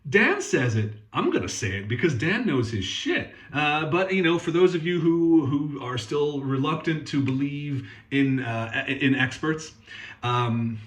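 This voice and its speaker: A man's voice: fairly high pitch, lively intonation, a little slow, reverberant. A man hosting a guitar workshop channel, talking in a casual, sweary, sarcastic and rambling way. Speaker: guitar technician and channel host. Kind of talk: casual ranting demo.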